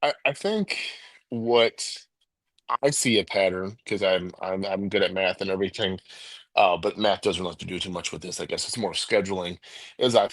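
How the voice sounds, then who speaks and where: Low-voiced man, rambling sports talk. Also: moderate pace, no echo. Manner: rambling, restarts, laughs often. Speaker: co-host of a sports call-in show.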